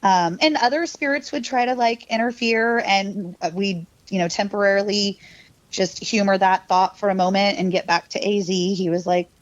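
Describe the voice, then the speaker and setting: A woman's voice: medium pitch, fairly even intonation, normal speed, dry recording. Rambling woman telling a spooky story. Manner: rambling, filler-heavy, laughing; mimics her younger self and cousin in quoted lines. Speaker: podcast guest. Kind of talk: casual storytelling. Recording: dull, lo-fi, dry sound.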